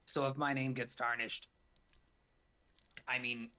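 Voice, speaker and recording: A man's voice: mid-range voice, flat delivery, slow pace, pushed and bright. A man playing a tabletop role-playing game in a dry, offhand way. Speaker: player. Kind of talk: casual tabletop play.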